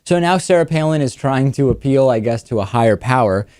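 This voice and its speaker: A man hosting a political talk show, giving wry, quick commentary with frequent restarts. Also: medium pitch, lively intonation, darkish tone, no echo, studio quality. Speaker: host.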